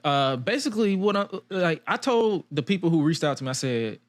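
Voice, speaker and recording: A man's voice: fairly high pitch, very animated, brisk. A young man hosting a podcast, telling stories in a loose, casual way with quoted asides. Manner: loose, storytelling with quoted asides and frequent laughs. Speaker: podcast host. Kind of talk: casual chat.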